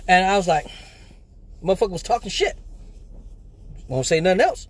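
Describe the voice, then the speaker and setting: A man's voice: sits high, sing-song, normal speed, pauses often, slight background noise. A man from Michigan hosting a live stream, telling a story casually with lots of profanity and slang. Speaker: live show host.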